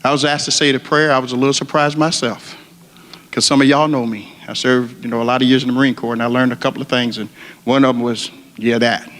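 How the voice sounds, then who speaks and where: A man's voice: mid-range voice, level tone, fast, a bit bright. A middle-aged man addresses a ceremony, then slips into a heartfelt prayer. His delivery is earnest and repetitive, with a preacher's cadence. The sound rings with the long reverb of a large hall. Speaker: retired firefighter leading prayer. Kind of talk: ceremony speech and spoken prayer.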